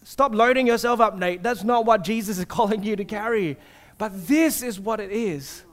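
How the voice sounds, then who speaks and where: A man with a notably high voice preaches a sermon. He speaks earnestly and personally and keeps posing rhetorical questions to his congregation. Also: moderate pace. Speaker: pastor.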